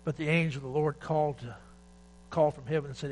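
A man preaching a sermon, moving between loud urgent exhortation and quiet, emotional retelling of a scripture story. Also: fairly high pitch, steady tone, fast, low-quality recording. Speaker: pastor. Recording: faint mains hum.

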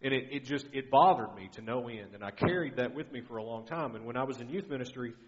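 A man's voice: medium pitch, fast, muffled recording. A middle-aged man giving a guest sermon in an earnest, conversational way, often restarting his sentences. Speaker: guest preacher.

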